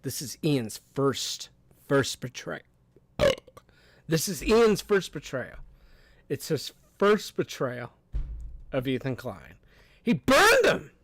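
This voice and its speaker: A man's voice: medium pitch, big pitch swings, takes it slowly, long pauses, no echo. A young adult man hosting a livestream, rambling and cursing, laughing often as he reads and answers chat. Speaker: streamer host.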